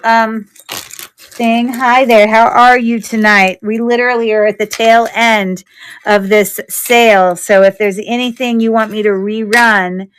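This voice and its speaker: A woman with a smooth, clear voice hosts a live jewelry sale at an unhurried pace. Her talk is chatty and wandering, and she thinks aloud about each piece. The delivery stays casual and easygoing. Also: medium pitch. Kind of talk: casual live-stream selling chat.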